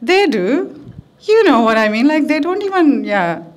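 High-voiced, slow deadpan woman comic. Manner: deadpan, crude punchlines. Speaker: guest comedian. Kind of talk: stand-up comedy. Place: stage before a live audience.

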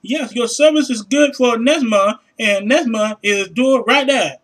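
Guy doing a halting phone rep bit, slow and broken, high voice, pushy and bright. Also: lively intonation, exaggerated voice, rough recording. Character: halting male phone customer service agent.

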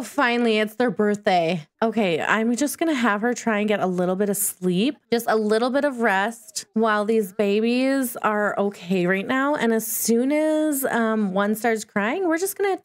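Woman, gaming host, playful chatty commentary, talks to the characters, slightly high voice. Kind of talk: casual gameplay commentary.

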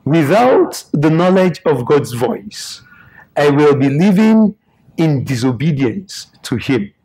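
A man's voice: a little high, darkish tone, low-quality recording. A man preaching a sermon in short, emphatic, repeated phrases.

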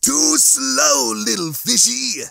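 A man's voice: sits high, very animated, takes it slowly, gravelly, pushed and bright, no echo, clean studio sound, pitched above the performer's own voice, heavily acted. A man voicing a vain, swaggering male cat-man in a comedy audiobook, with teasing sing-song taunts.

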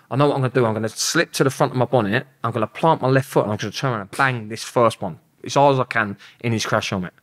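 A young man with a London accent, telling a rambling story as an interview guest, swearing and laughing as he talks. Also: mid-range voice. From England.

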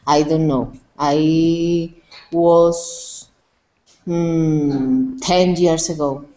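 Brief: Colombian woman, Spanish native, slow and halting English, lowish voice. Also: steady tone, dark tone, rough recording. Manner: hesitant, halting, searching for words. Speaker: English student. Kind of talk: conversation practice.

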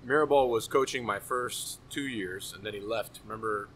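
A man in his thirties hosting a podcast, reminiscing in a relaxed, easygoing way. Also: fairly low pitch, moderate pace, a little hiss or hum, low-quality recording. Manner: relaxed, reminiscing, laughs easily. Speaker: podcast host. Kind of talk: casual conversation.

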